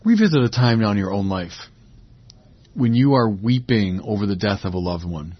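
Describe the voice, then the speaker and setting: Husky-voiced man preaching reflectively. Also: on the low side, expressive, normal speed, dry recording, muffled recording. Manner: reflective, swelling to emphatic peaks. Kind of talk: sermon.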